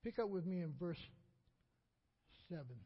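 A man's voice: sits high, animated, a little slow, husky, muffled recording. A man preaching a sermon as pastor. He repeats lines for emphasis and leaves gaps for the congregation to answer.

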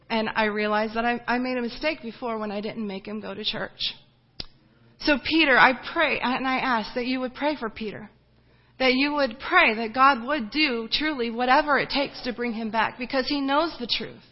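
A woman missionary giving an earnest, emotional personal testimony, often halting and restarting as she speaks. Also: fairly high pitch, muffled recording.

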